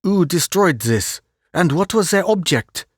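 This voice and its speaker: A man voicing a fussy, vain, excitable middle-aged Belgian detective who drops French phrases, in an audiobook reading. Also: high voice, a little slow, breathy edge, no room sound, clean studio sound, pitched above the performer's own voice, exaggerated voice.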